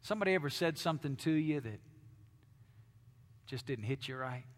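Male pastor, mid-pitched, dynamic sermon delivery with long sanctuary reverb. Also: animated, normal speed. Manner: dynamic preaching, drops to hushed tones then swells loud. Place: church sanctuary.

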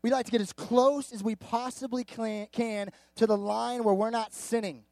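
A youth pastor man preaching with bouncy, conversational energy, his voice sitting notably high for a man. The sound is dry and close, with no room echo. He slips into quick acted-out quotes and talks straight to the crowd. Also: fairly even intonation, a little mellow. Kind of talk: sermon.

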